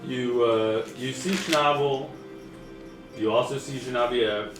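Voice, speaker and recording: A man runs a tabletop game in a slow, low voice, hedging his narration with frequent ums. He sounds a little distant in an echoey room, with music playing behind him. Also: fairly even intonation. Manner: hesitant, filler-heavy narration. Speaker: game master.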